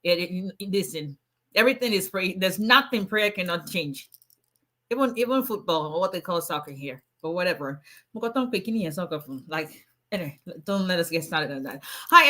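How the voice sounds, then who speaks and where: A woman's voice: mid-range voice, animated, moderate pace, bright, forceful tone. A woman, an immigration attorney, chatting playfully and laughing with viewers on a casual livestream.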